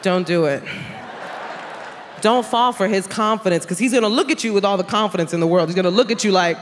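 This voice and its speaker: A woman's voice: medium pitch, fast talker, a little hiss or hum. A woman, doing a teasing, brash stand-up comedy set. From South Bronx, New York. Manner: brash, teasing, puts on characters' voices. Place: large theater stage with cheering audience. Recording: live stage sound in a big hall with a loud crowd.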